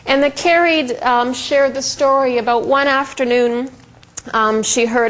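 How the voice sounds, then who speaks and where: On a low-quality recording, a middle-aged educator presents a chatty lecture, weaving in stories while often saying um and starting over. She speaks at normal speed in a voice on the high side, with fairly even intonation.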